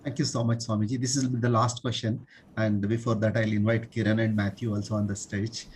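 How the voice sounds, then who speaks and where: A man's voice: lowish voice, flat delivery, brisk, a little mellow, a little hiss or hum. A man hosting a webinar over a video call, politely reading out questions from viewers. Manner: polite, respectful. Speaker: webinar host. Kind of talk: moderating questions.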